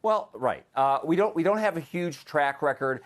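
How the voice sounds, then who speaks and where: A man's voice: a little high, lively intonation, moderate pace. An American man, an economic policy analyst, answering questions in a live TV news interview with frequent restarts and fillers. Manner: hesitant, many restarts and fillers.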